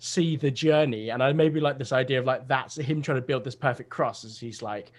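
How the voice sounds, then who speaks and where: A man's voice: medium pitch, a little fast. A young man chatting casually over a video call, rambling through a comedy idea with lots of fillers.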